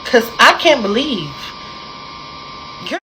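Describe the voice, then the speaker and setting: Animated young woman telling a storytime. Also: a little high, a little hiss or hum, rough recording. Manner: animated, addresses listeners directly, dramatic pauses. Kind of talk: casual storytime monologue.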